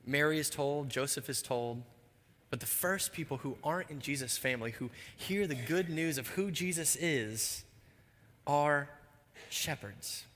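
A male pastor preaches a sermon in a large hall at a measured pace. He tells stories in a lively way, then drops low and quiet for the solemn points.

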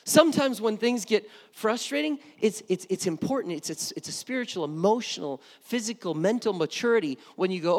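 A man's voice: high voice, expressive, a little fast, hardly any pauses. A middle-aged man preaching a sermon as pastor, conversational and often repeating words as he starts a thought. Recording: long reverb of a hall.

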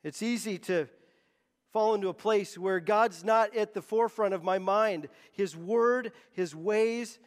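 A man's voice: high voice, in a large hall. A man preaching a sermon as pastor, emphatic and often repeating words as he presses a point.

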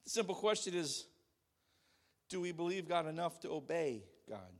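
A man in his thirties preaching a sermon to a congregation in a church, animated and shouting out quoted calls. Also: a little high, moderate pace. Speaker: pastor.

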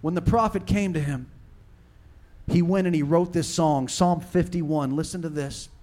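A male pastor preaching a sermon, swinging between fervent loud passages and hushed, intimate ones. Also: on the high side, normal speed.

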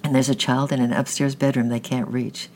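A man reading the lines of a brisk, capable mother, commanding yet kind, in a storybook. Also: mid-range voice, flat delivery, darkish tone, slight background noise, natural voice. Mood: urgent.

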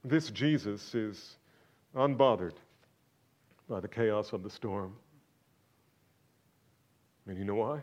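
Slow, dramatic preaching man. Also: fairly low pitch. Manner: swings from loud exclamations to hushed near-whispers. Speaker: pastor. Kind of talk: sermon.

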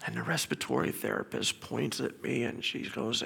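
A man's voice: mid-range voice, big pitch swings, normal speed, vocal fry, few pauses, breathy edge. A middle-aged man giving an earnest, emotional personal testimony as a father. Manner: earnest, emotional storytelling with quiet whispered prayers.

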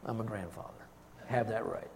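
An older man, a grandfather, preaching a sermon and telling a family story with lively, acted-out quotes. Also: on the low side, moderate pace, long reverb tail, slight background noise. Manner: storytelling, animated, acts out quotes. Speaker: pastor.

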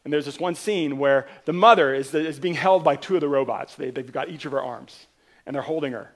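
Male pastor preaching, lively storyteller, voice sits a bit high, hammers key lines twice. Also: brisk. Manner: animated storyteller, building to emphatic repetition. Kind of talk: sermon.

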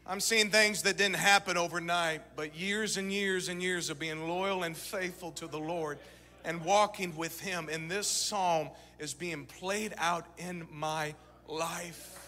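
A man in his thirties preaching a sermon, moving between shouted exhortation and quiet storytelling. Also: sits high, fairly even intonation, unhurried. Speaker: pastor. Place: church sanctuary. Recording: church sanctuary reverb.

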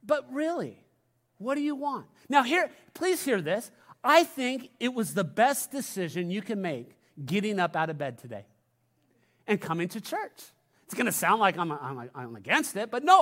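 A man with a notably high voice preaches to his congregation in a church. His delivery is conversational, and he circles back to repeat key phrases. He drops playful asides along the way. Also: fairly bright tone. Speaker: pastor. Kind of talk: sermon. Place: church sanctuary.

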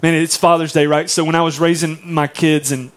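A man's voice: fairly high pitch, flat delivery, fairly quick. A man preaching a sermon to his church, talking in a conversational, emphatic way and often checking in with the congregation. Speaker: pastor.

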